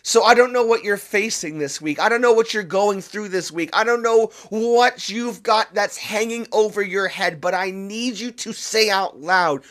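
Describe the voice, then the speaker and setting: A man's voice: high voice, moderate pace, few pauses, a bit bright. A man hosting a podcast, giving a fervent motivational talk that urges the listener directly. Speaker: podcast host. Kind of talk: motivational monologue.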